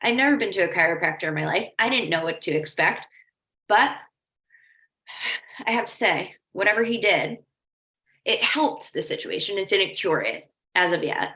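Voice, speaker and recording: This life coach has a lowish voice with lively intonation, speaking at normal speed with long pauses and a pushed, bright quality. Her training talk is relaxed and chatty, full of "like" and little story detours, recorded in an echoey room.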